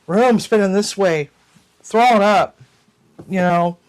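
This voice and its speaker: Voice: mid-range voice, slow. A cooking channel host telling a long personal story to viewers in a casual, rambling way, with frequent restarts and mild cursing.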